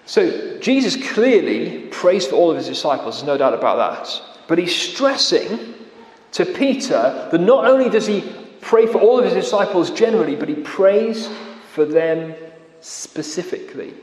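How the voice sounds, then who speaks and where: A man preaching a sermon, earnest, slowing down to stress key words and dropping to a quiet voice at the ends of phrases. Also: high voice, sing-song. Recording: echoey hall with long reverb.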